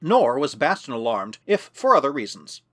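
Expressive male audiobook narrator. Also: mid-range voice, normal speed. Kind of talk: scripted narration of a first-person novel.

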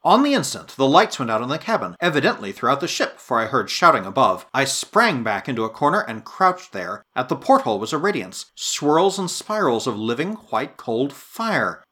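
A man narrating a story aloud, his voice bright and ringing. His pitch rises and falls widely, with dramatic swells through tense passages. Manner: lively, expressive reading with dramatic swells. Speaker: audiobook narrator. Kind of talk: scripted narration.

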